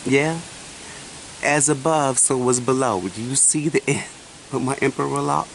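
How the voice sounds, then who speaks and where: Forty-something guy telling a story to a buddy, lively, checks in with questions, hiss in the background. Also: mid-range voice, measured pace, gravelly. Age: 40s. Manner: animated, asks the listener questions often. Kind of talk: casual storytelling to a friend. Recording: noisy recording.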